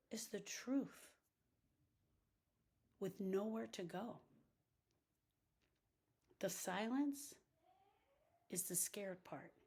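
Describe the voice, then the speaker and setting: A middle-aged woman giving an impassioned grief-coaching talk, repeating phrases for emphasis and swinging between hushed and loud lines. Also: mid-range voice, husky. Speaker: grief coach and podcast host.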